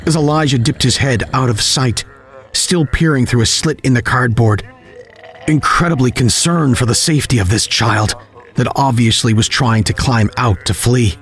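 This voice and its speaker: A man narrating a scripted horror audio story in a measured, grim storytelling manner. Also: medium pitch.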